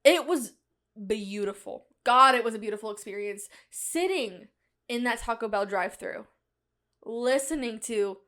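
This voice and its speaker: Hosting her own podcast, a young woman delivers a casual comedic monologue, a wandering story told with bubbly self-mockery and lots of laughs. Her tone is fairly bright, her pitch a little high, her pace moderate.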